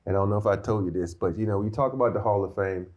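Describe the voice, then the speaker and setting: A man's voice: on the low side, very fast. Laughing man telling stories outdoors. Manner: laughs often, animated storytelling. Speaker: guest, former basketball player. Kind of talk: casual storytelling interview. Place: outdoor courtyard before a live audience.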